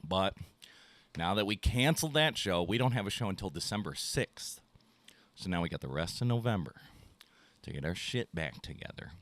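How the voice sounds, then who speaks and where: A podcast host with a fairly low, fairly bright voice tells a loose, profane story, acting out both ends of his phone calls. The audio is dry, with no room sound, and the talk is casual storytelling chat.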